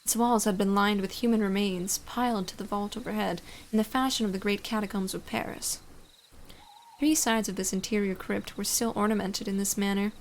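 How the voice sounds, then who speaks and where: A woman's voice: medium pitch, fairly even intonation, a little fast, slight background noise. A woman giving a casual late-night reading of a story aloud, irreverent, reading on with loose asides. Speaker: reader of a story.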